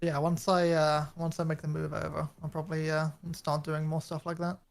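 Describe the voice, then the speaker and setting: Gravelly British man, short hesitant replies. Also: on the high side, completely flat delivery, brisk. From United Kingdom. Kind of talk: casual chat. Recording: faint music behind.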